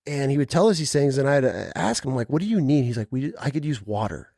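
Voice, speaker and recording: A man hosting a podcast, telling stories in a relaxed, casual way with some swearing. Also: medium pitch, quick pace, vocal fry, no room sound, studio quality. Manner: relaxed storytelling, swearing, acts out quoted voices. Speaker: podcast host. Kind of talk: casual interview chat.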